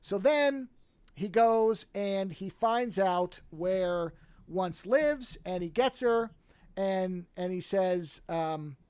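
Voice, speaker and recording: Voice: mid-range voice, extremely slow, clean tone, no echo. A podcast host in casual chat, retelling a film with plenty of swearing and acting out the characters' lines. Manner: profane, animated storytelling, acts out characters' lines.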